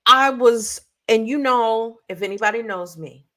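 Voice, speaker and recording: A woman co-hosting a podcast, telling a story in an animated way and acting out sounds and quotes. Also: fairly high pitch, a little slow. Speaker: podcast co-host. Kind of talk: casual storytelling chat. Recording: live stream call audio.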